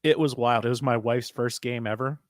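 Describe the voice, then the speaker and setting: A man co-hosting a casual chat show, slightly hoarse, telling animated stories and laughing often. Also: medium pitch, fairly quick, no room sound, studio quality. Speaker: podcast co-host.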